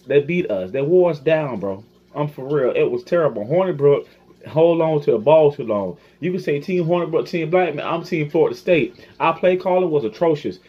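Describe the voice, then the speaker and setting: A man's voice: on the high side, slightly rough, highs cut off. A young man in a fan reaction video, ranting in frustration and repeating himself. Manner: frustrated, repetitive, animated. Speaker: sports fan vlogger.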